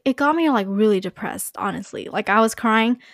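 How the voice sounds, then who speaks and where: Here a young woman chats on a podcast in a loose, casual way, leaning heavily on "like" and "you know." She sounds animated and brisk, with a gravelly mid-range voice, captured as clean studio audio free of room sound.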